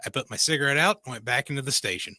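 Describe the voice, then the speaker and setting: A man co-hosting a radio show, telling a story in a relaxed way and chuckling. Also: mid-range voice, fast, no echo. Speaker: radio co-host. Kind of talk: casual storytelling chat.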